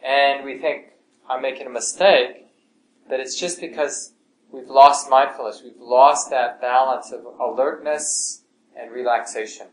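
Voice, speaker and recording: Soft-spoken man teaching meditation, echoey room. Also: unhurried, slight background noise. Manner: calm, gentle, often dropping to a soft low voice. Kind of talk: relaxed meditation class talk. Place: class room with students. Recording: echoey room, faint ambience.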